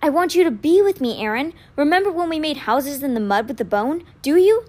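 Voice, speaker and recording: A woman reading aloud puts on an earnest teenage boy in a storybook, his voice pitched high and swinging widely as he pleads urgently with his twin. The delivery is expressive and urgent. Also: fairly quick. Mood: pleading.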